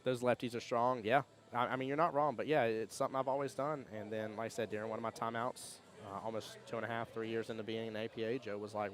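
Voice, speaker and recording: A man hosting a pool tournament stream, chatting casually and reading viewer comments in a rambling, storytelling way. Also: mid-range voice. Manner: fast, rambling storyteller with restarts and laughs. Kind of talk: casual chat with live chat readouts.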